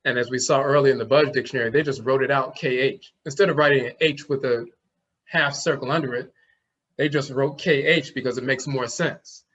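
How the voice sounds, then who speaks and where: A man's voice: mid-range voice, fairly bright tone, dull audio. A man teaching an online class, explaining things step by step and sounding out letters as he goes. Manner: explains slowly, demonstrates sounds aloud.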